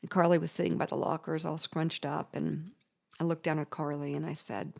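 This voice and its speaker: A woman's voice: sits low, level tone, a little fast, vocal fry. Middle-aged woman telling her own story, open and emotional, laughs a lot, lots of ums and likes. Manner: candid, emotional, laughing, with chatty fillers. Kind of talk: personal storytelling.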